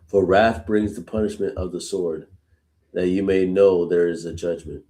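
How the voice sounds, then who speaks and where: Man, very deep voice, live scripture reading, informal commentary, casual asides. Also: fairly even intonation, moderate pace, dark tone. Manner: reads verses aloud, then reflects informally; uses casual "y'all" asides. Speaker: Bible study host.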